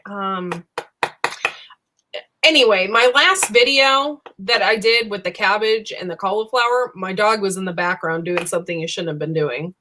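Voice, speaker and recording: Woman, casual live chat, rambling and filler-heavy, middle pitch. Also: pushed and bright, a little hiss or hum. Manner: chatty, rambling, lots of fillers and 'you know'.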